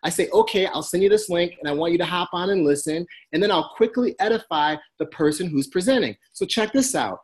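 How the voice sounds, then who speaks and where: Male motivational trainer, energetic coaching delivery, home setting. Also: sits high, brisk, few pauses. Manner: energetic, coaching, acts out phone calls. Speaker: network marketing trainer.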